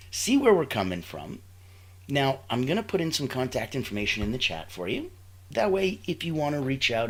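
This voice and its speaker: A man's voice: mid-range voice, a bit bright. A man hosting a live online show in an upbeat, playful way, with sound-effect interjections. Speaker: show host.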